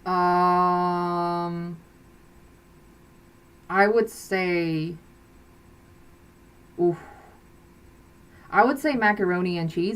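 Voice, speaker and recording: A woman hosting a casual livestream chat, speaking very unhurriedly in a slightly low voice. She rambles and hesitates with plenty of fillers. She giggles often between thoughts. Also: very slow, pauses often, clean tone. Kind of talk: casual live-stream chat.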